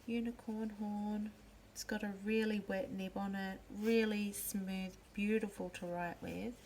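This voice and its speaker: A woman walks through her pen collection at an unhurried pace, naming each one gently. Her voice sits at an ordinary middle pitch. Faint room noise stays in the background. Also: little pitch movement. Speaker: pen and ink channel host. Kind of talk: slow show-and-tell narration.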